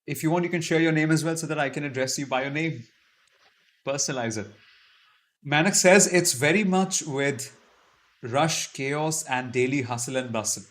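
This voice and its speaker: A man with a fairly high-pitched, slightly bright voice speaks at normal speed as he hosts a casual YouTube live-stream Q&A. He reads viewer comments aloud and answers them with chatty, self-deprecating humor.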